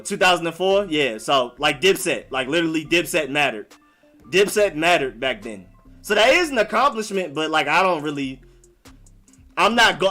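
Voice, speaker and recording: A man's voice: fairly high pitch, bright, forceful tone. A young man from Maryland raised in Atlanta, hosting a casual live stream in a loose, slangy way and answering viewers. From born in Maryland, raised in Atlanta. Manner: loose and conversational, slangy, lots of "like" and "y'all".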